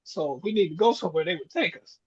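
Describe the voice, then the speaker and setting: A man's voice: high voice, expressive, quick pace, a little mellow, slightly rough. A man in his sixties, a podcast co-host, telling reflective stories in casual chat. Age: 60s. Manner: storytelling, reflective, chuckles often. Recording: dull lo-fi sound.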